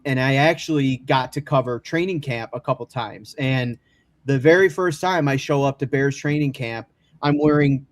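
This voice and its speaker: Chatty guy telling stories. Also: mid-range voice. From Chicago area, USA. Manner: chatty storyteller with many restarts and laughs. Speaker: guest. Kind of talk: casual chat, telling stories.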